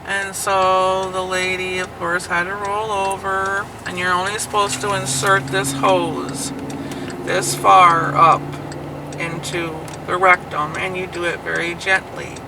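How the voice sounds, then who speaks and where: A man's voice: high voice, level tone, takes it slowly, creaky, recorded from a distance. A man who trained in nursing care, telling an outraged story in casual chat and swearing freely while driving. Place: inside a car in traffic. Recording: loud road noise in a car.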